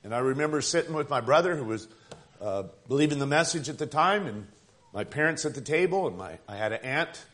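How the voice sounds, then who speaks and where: A man preaching a sermon in a conversational yet emphatic way, building up to forceful points and dropping to quiet asides. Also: mid-range voice, animated, a little fast. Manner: emphatic, conversational preaching with rising and falling intensity.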